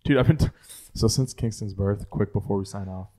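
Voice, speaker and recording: A man's voice: fairly low pitch, fairly quick, mellow. A young man co-hosting a podcast in casual, laughing, profane chat. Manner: laid-back, laughing, profane. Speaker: podcast co-host.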